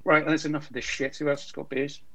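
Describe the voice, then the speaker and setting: A man's voice: on the high side, flat delivery, fast, gravelly, a bit bright, low-quality recording. A man hosting a casual podcast chat, joking around and steering the talk with plenty of ums. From England. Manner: chatty, joking, runs the show with filler ums. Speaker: podcast host. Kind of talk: casual chat among friends.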